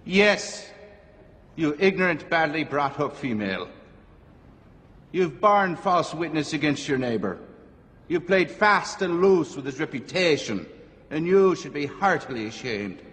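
A man's voice: fairly high pitch, lively intonation, measured pace, big-room sound, voice pushed up. A man putting on a stern old Irish priest. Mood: scolding. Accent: Irish, put on. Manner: sharp, scolding, emphatic.

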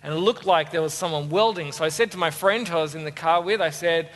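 An Australian man preaching a sermon, telling a story with lively acted-out voices. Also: on the high side, quick pace. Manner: animated storyteller, acts out voices. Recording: long hall reverb.

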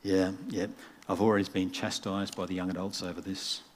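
A man's voice: sits low, little pitch movement, brisk. A man, a pastor giving a conversational sermon and acting out the voices in his story. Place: church.

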